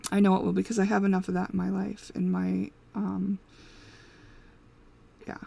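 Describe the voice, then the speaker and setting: Creaky-voiced woman giving casual advice. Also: mid-range voice, flat delivery, moderate pace, dark tone. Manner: rambling, candid, laughs often, many fillers. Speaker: intuitive reading host.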